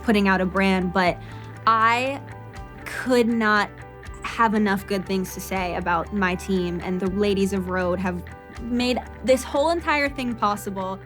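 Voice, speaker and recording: A woman's voice: mid-range voice, unhurried, a bit bright, faint music behind. A young woman in her twenties, a brand founder, talking casually and openly emotional in a personal vlog.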